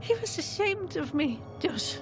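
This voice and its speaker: An actress playing a lonely, haunted girl who talks softly and hesitantly. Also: extremely high pitch, sing-song, a little slow, music in the background, full character voice. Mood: troubled. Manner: soft and hesitant, fearful.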